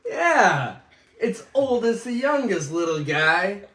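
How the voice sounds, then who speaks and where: A relaxed man in his thirties chatting casually with family on a vlog. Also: high-pitched, slow pace, far from the mic, a little hiss or hum. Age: 30s. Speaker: guest family member. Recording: echoey room, away from the mic.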